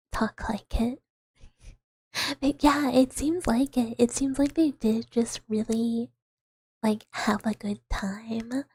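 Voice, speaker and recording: Lady streamer whispering asmr chat, super breathy, kinda high, dry close mic sound. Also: no room sound. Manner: soft whispering, rambling with fillers and giggles. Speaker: VTuber streamer.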